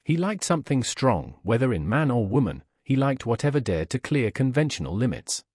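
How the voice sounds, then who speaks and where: A man narrating a classic novel as an audiobook in a measured, literary manner. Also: medium pitch, sing-song, a little mellow, husky, no room sound, clean studio sound.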